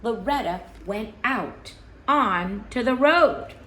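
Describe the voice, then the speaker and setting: A woman reading a children's story aloud with an animated, expressive delivery over a video call. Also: a little high, slow pace, slight background noise. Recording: roomy echo.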